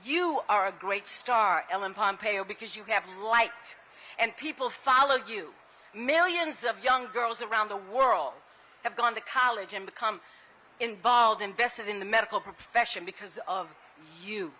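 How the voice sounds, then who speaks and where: A woman giving a public tribute speech at an outdoor ceremony, telling stories in an animated way and acting out the people she quotes. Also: mid-range voice, unhurried. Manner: animated storytelling, acts out quoted voices.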